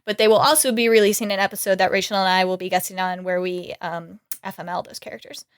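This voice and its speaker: A woman's voice: mid-range voice, fairly even intonation, fast, smooth. A woman co-hosting a podcast, talking in a rambling, casual way and laughing often. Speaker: podcast co-host. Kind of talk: casual chat.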